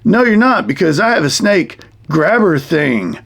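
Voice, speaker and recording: A smug little toy teacher puppet teases in a know-it-all tone, as a man plays him. His voice is pushed a bit above normal speaking pitch and keeps a gravelly rasp. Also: very animated, a little slow, a bit bright, exaggerated voice.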